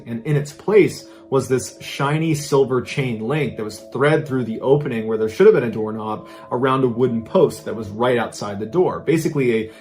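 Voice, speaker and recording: A man narrating a true scary story as a podcast storyteller, building suspense with sudden loud emphasis. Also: mid-range voice.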